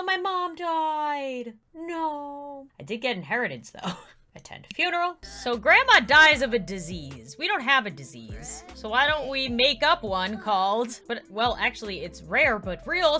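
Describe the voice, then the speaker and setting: A young woman with a high, bright voice gives gaming commentary, and her pitch leaps all over the place. She is dramatic, bursting into loud mock outrage and then dropping to low mutters. Soft music plays behind her. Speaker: gaming YouTuber.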